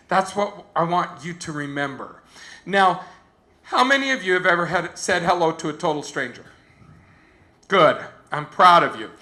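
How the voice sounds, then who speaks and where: A man giving an animated storytelling talk to teenagers, quoting other people in a softer voice. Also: on the high side. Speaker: youth speaker.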